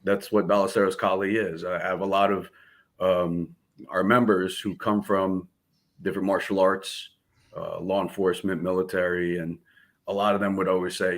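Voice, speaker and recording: A man's voice: deep voice, level tone, moderate pace. A man with a New Jersey accent, born in the Philippines, casually telling stories as a martial arts guest and acting out quoted dialogue with laughs. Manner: laid-back, laughing, acts out quoted dialogue. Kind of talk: casual storytelling interview.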